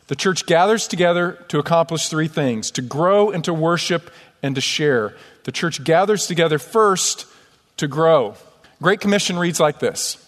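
A man's voice: a little high, expressive, moderate pace. A man from upstate New York preaching a sermon as pastor, conversational and self-deprecating, in a church sanctuary. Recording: long church hall reverb.

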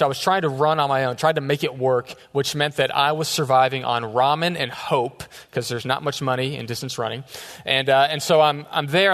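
A man's voice: fairly high pitch, a bit bright. A man in his thirties, a youth pastor preaching a sermon in a casual, joking storytelling way. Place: church sanctuary. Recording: echoey church hall.

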